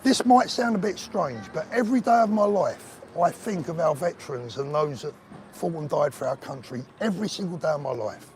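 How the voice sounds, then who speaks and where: Older guy live streaming outside, earnest chatty host, slightly high voice, faint traffic noise behind. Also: lively intonation, brisk, a little mellow. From England. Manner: earnest, emotional, talking straight to viewers as mate. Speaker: livestream host. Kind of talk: live-stream chat reading viewer comments. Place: outdoors on a town street.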